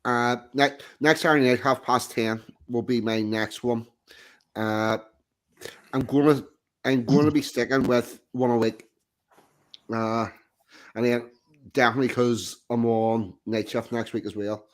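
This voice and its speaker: A man hosting a casual live stream, easygoing as he wraps things up. His voice is starting to wear after hours on air, sitting at a plain middle pitch. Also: a little slow, pauses often. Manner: relaxed, wraps up the show. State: throat going after a long stream. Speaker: stream host. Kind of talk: casual chat.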